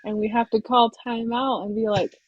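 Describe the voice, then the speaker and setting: Husky soft-spoken woman coach. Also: on the high side, level tone, normal speed, no room sound, dull audio. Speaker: basketball coach. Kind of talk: casual conversation.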